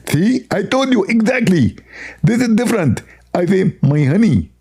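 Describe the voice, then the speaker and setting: A man putting on a mocking impression of a prim, self-satisfied male preacher with a squeezed, strained high voice. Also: very animated, normal speed, gravelly, dark tone, breathy edge, heavily acted. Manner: mocking impression, fussy over-explaining.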